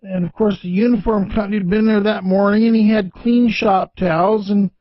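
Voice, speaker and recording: A man with a high voice narrates a storybook tale in a plainspoken, folksy manner. The recording is dry and dull, with a lo-fi sound. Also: steady tone, fairly quick, no room sound.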